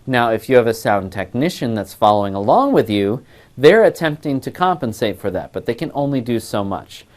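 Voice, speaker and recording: A man teaches singers in a patient, explanatory lecture, his mid-pitched voice picked up on a clip-on lapel mic. He lays out each point step by step, like a recorded class. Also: big pitch swings, fairly quick, a little mellow. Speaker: voice class instructor.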